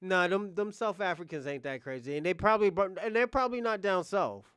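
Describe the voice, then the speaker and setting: A man's voice: sits high, a little fast, a bit bright, clear, resonant tone, dry recording, studio quality. A man hosting a reaction video, talking in a blunt, heated casual rant full of swearing.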